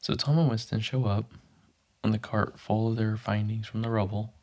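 A man casually recapping a TV episode, narrating scenes and briefly acting out quoted lines. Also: fairly low pitch. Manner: animated, pops into quick character voices for quotes. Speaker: podcast host recapping a TV episode.

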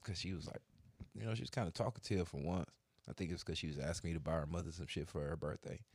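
A man's voice: sits low, quick pace, a little mellow, slightly rough, dry recording. A middle-aged man telling stories in casual, slangy, profane chat. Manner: laid-back storytelling, slangy and profane.

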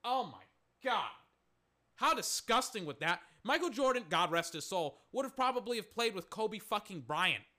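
A man's voice: high-pitched, very animated, moderate pace, pushed and bright. A young man rambling through a casual, profane solo sports talk show as its host. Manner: rambling, profane, restarts a lot.

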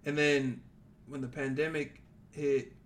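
A young man co-hosting a podcast in casual chat, laid-back, chiming in with quick agreements. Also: a little high, level tone, slight background noise. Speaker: podcast co-host.

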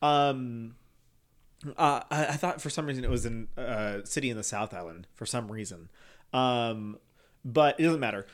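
A man's voice: medium pitch, normal speed. Male podcast co-host: campy, chatty and loose, heavy on fillers and swearing. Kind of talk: casual chat.

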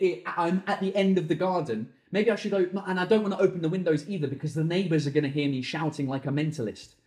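In a small, hot room, a sweating comedian hosts his solo podcast, answering listener questions with sweary rants that quickly swing into shouting. His voice is high-pitched and the sound is reverberant.

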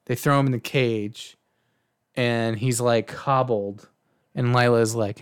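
A young man with a smooth, resonant voice chats casually about a film on a podcast. He is animated, curses freely and acts out lines from scenes as he retells them. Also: mid-range voice, slow. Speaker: podcast co-host. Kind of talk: casual movie review chat.

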